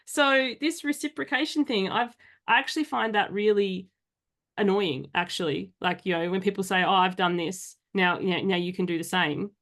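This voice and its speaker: A woman's voice: mid-range voice, fairly quick, fairly bright tone. An Australian woman hosting a podcast, talking casually in a blunt, exasperated way and swearing now and then. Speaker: podcast host.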